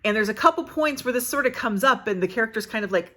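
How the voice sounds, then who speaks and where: A woman's voice: a little high, expressive, fast talker, a bit bright. An American woman reviewing books in casual, chatty talk, thinking aloud with plenty of fillers and restarts. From United States. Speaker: book vlogger. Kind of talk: casual book review chat.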